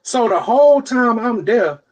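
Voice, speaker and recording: A man's voice: extremely high pitch, a little slow. A young adult man co-hosting a podcast, telling a long story in casual, profane chat and acting out the other people's lines. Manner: animated, profane, acts out quotes in other voices. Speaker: podcast co-host.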